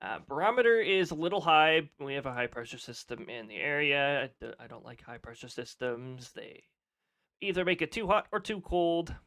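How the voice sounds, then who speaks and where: A man's voice: a little high, big pitch swings, normal speed, fairly bright tone. A man chatting casually on a live stream, laughing often and reading off weather details.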